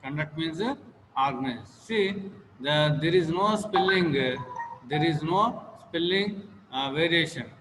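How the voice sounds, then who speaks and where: A man with an Indian English accent teaching a class on word stress, slow and repetitive, with many fillers. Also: fairly high pitch, animated, background noise. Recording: long hall reverb, faint ambience.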